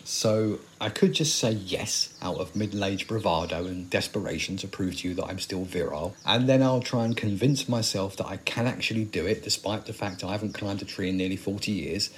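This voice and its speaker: A man's voice: sits low, fairly quick, hardly any pauses, slight background noise, natural voice. A man in his forties acting a weary, sardonic survivor of a zombie apocalypse in an audio drama, talking in dry, rambling asides. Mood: wry. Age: 40s.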